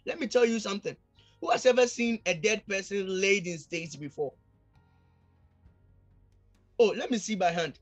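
Fiery high-pitched preacher man. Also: moderate pace, long pauses, lo-fi sound, faint music behind. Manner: fervent, repeats calls to the congregation, swings between shouting and quiet. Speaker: pastor. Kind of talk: sermon.

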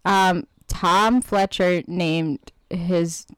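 A woman's voice: fairly low pitch, steady tone, clean tone, no room sound. A young woman co-hosting a casual podcast, playful and blunt. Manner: playful, blunt, quick to laugh. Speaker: podcast co-host. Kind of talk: casual chat.

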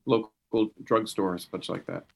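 A man as a player in a tabletop game, talking haltingly with many fillers. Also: low-pitched, steady tone, creaky. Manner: halting, filler-heavy speech. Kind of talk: tabletop role-play.

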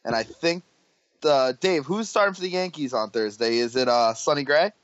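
A man's voice: mid-range voice, normal speed, no room sound. A man chatting casually about sports, reeling off numbers with plenty of "uh"s and restarts. His voice sits in an ordinary middle range. The recording is dry and a little dull, like a lo-fi podcast mic. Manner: rattles off stats with filler restarts.

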